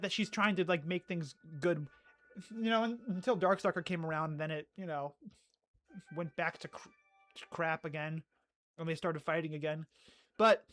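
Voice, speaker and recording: A chatty streamer rants about a favorite topic in a casual livestream. The delivery is excitable, full of stammered restarts and quick asides, in a mid-pitched voice. Quiet music plays faintly behind. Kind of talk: casual livestream chat reading comments.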